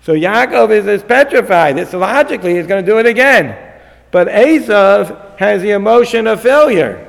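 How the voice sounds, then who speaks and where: A man teaching a lecture on a Torah text, animated and acting out the figures in the story. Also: high-pitched, normal speed, creaky. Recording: long hall reverb.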